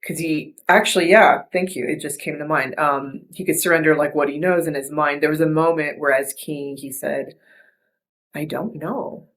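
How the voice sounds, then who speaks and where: A woman hosting a podcast, reflecting in casual chat, soft and earnest, with many restarts and fillers. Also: low-pitched, fairly even intonation, moderate pace, few pauses. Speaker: podcast host.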